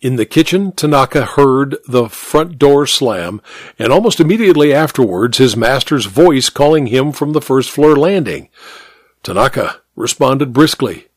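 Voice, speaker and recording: A man narrating a story in an expressive, measured audiobook reading. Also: mid-range voice, no room sound.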